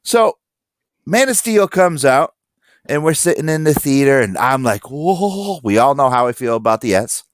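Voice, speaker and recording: A man telling stories in a casual podcast chat, acting out quotes loudly. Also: medium pitch, normal speed, dry recording, studio quality. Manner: animated storyteller, acts out quotes loudly. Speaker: podcast guest.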